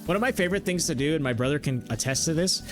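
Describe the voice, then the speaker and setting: A man's voice: a little high, lively intonation, very fast, music in the background. A young man streaming a game, riffing jokes to his chat and laughing often. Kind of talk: casual livestream banter while gaming.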